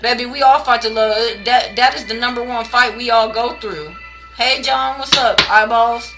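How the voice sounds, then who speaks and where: With a slightly high, sharp voice at normal speed, a woman does tarot on a late-night home live stream as faint music plays behind a low-quality recording. Blunt and heavily profane, she rants, addresses viewers as baby and y'all, and names people in chat.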